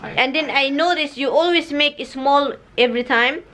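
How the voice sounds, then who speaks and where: A woman's voice: sits high, moderate pace, a bit bright. Chatty Filipino-accented woman vlogging at home. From Philippines. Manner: chatty, laughs often, switches between Tagalog and English. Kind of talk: casual home vlog. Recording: noisy home recording.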